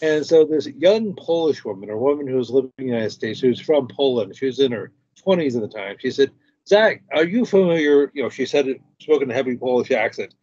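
A man's voice: mid-range voice, quick pace, few pauses, dark tone, breathy edge, no echo, highs cut off. A man hosting a stream, chatting casually and retelling a story with other people's words. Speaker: stream host. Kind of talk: casual conversation.

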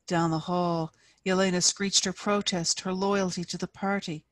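A woman author reading her own fiction aloud at a live event, with measured, expressive narration. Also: on the low side, no room sound. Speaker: featured author.

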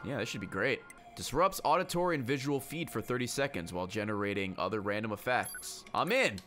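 A man's voice: mid-range voice, expressive, a little fast, over music. A man streaming a game, joking around and swearing while he reads game text aloud. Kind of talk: casual gameplay commentary.

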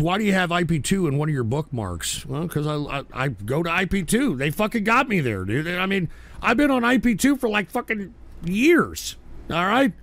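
A man hosting a livestream and reading chat aloud, swearing constantly and shouting back at viewers. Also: fairly high pitch. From Texas. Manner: profane, combative, shouts at chat. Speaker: livestream host.

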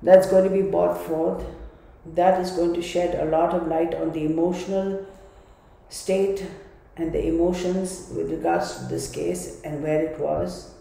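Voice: medium pitch, level tone, measured pace, gravelly, warm tone. A tarot reader giving an emphatic reading, repeating and restarting phrases while thinking aloud. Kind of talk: tarot card reading video. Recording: very echoey room.

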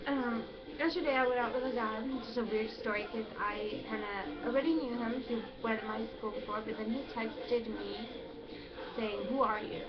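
Chatty young woman, lo-fi. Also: a little high. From Mexico. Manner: chatty, rambling storytelling. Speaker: vlogger. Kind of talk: casual chat.

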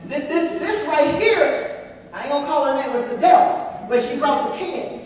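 A woman church elder with a Texan accent preaching a sermon and telling a personal story, with lively calls to the congregation. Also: sits high, normal speed. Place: church sanctuary. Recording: echoey church hall from far off.

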